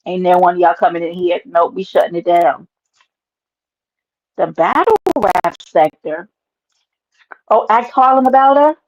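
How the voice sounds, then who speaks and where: A woman hosting a casual livestream, talking loudly and lively to her chat, calling viewers by name and swearing freely. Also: fairly low pitch, lo-fi sound. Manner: loud, animated, talks to chat by name, swears. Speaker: livestream host.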